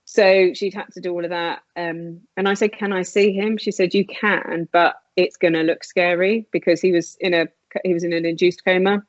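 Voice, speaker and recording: Woman, earnest storyteller, lowish voice, dull dry lo-fi recording. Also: little pitch movement, normal speed, no echo. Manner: earnest, re-enacts dialogue in a raised voice. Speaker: podcast guest. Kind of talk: personal storytelling in conversation.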